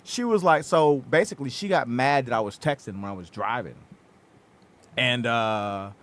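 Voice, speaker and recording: A man's voice: medium pitch, normal speed, fairly bright tone. A male podcast host telling a profane comedy story, acting out quotes and laughing.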